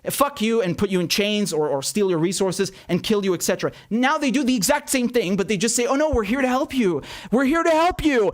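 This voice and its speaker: A man hosting a political commentary show, ranting with anger and profanity, often repeating himself, then mocking headlines sarcastically. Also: high-pitched. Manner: angry, profane, repetitive ranting.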